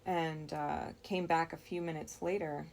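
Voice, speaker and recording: A woman with a low, gravelly voice tells of a dream she had. She talks very slowly and thoughtfully, pausing often and restarting her words as she goes. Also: steady tone, a little mellow, a little hiss or hum. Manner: slow, reflective, with frequent pauses and restarts. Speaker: storyteller. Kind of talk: recounting a dream.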